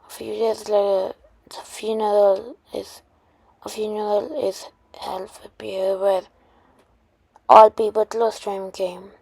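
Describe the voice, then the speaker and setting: A woman retelling a made-up superhero story, halting often with restarts and fillers. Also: medium pitch, little pitch movement, gravelly, a little mellow, husky, dry recording.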